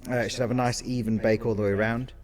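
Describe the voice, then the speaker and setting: A man's voice: mid-range voice, steady tone, racing, a crowd in the background. A man co-hosting a casual podcast as a caterer, explaining things in detail with asides and self-corrections. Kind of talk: casual chat.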